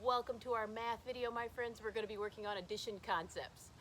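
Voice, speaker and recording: A woman teacher giving a slow, sing-song math lesson to young children, spelling words out letter by letter. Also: on the high side, fairly even intonation, a bit bright, a little hiss or hum. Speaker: first grade teacher. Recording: roomy classroom, mic at a distance.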